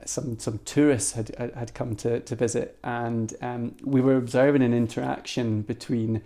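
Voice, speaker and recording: A Scottish man tells a story as a podcast guest, animated and full of restarts. His voice is gravelly with a dark, mellow tone. It is recorded on a cheap microphone. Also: mid-range voice, moderate pace. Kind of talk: casual storytelling.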